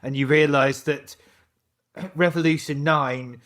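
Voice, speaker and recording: A man with a slightly higher than average voice weighs up his view in a relaxed podcast chat. He reasons aloud as he goes, building his point step by step. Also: takes it slowly. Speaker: podcast co-host. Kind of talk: casual chat.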